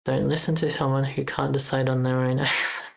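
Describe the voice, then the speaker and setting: Coding live for a game jam, a young Australian woman with an Australian accent thinks out loud and corrects herself. Her voice rumbles low with vocal fry, her delivery flat and brisk, and the recording is poor.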